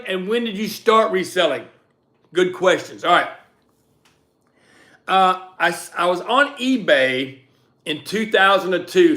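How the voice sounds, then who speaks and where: A man hosts a relaxed live stream and chats with viewers in a loud, animated way. His voice sits high for a man and has a bright, forceful edge. He keeps the talk easygoing and answers questions as they come in. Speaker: livestream host and reseller.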